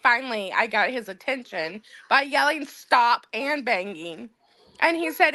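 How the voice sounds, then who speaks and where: A woman's voice: a little high, expressive, measured pace, pushed and bright, no echo. A woman in her thirties telling a funny story on a casual podcast, laughing as she goes. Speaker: podcast co-host.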